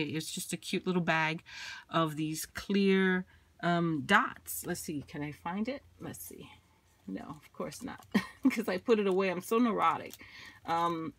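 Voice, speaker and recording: A woman showing a handmade craft project in a casual, chatty way. She is losing her voice, clears her throat often and fills pauses with ums. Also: fairly low pitch, a bit bright, no room sound. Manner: chatty, lots of ums and uhs. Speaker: craft vlogger.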